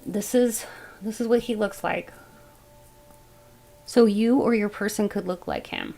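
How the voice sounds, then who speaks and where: A woman giving a casual tarot reading, thinking aloud as she goes in a musing, unhurried way. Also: mid-range voice, creaky, mellow, soft background music, rough recording. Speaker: tarot reader.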